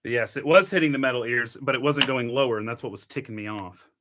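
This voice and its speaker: A young man hosting a casual coffee-brewing vlog, chatty and quick to grumble at his equipment with mild curses. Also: medium pitch, a bit bright. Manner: chatty, mild cursing, gets frustrated with gear. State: annoyed. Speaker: coffee channel host.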